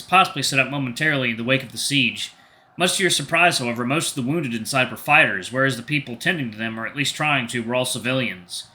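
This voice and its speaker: A man hosting a gaming channel, reading a story game's narration aloud and commenting casually. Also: medium pitch. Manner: casual reactions between steady narration.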